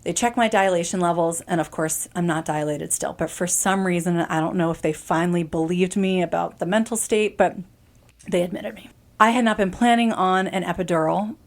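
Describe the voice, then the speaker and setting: A woman's voice: fairly low pitch, fairly quick. A woman in her thirties, a podcast guest, telling a personal story in an earnest, emphatic way, often restarting mid-sentence.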